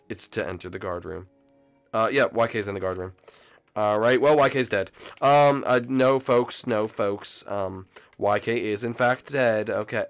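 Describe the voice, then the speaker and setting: A man hosting a gameplay channel, chatting casually to viewers and yelping at game moments. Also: fairly low pitch. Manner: excitable, yelps and shouts at game moments; chatty, talks to viewers as "folks".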